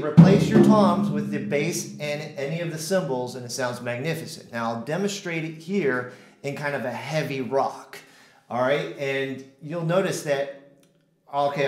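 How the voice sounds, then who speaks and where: A man's voice: mid-range voice, normal speed, reverberant. A man teaching drums in a casual way, counting out stickings and humming rhythms. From United States. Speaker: drum teacher. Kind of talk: casual instructional talk.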